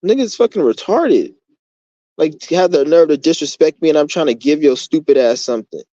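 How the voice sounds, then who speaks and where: A man's voice: fairly high pitch, expressive, a little fast, dark tone, no room sound. A man ranting in a rambling, profane, heated monologue for his channel. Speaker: vlogger. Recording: dull lo-fi dry recording.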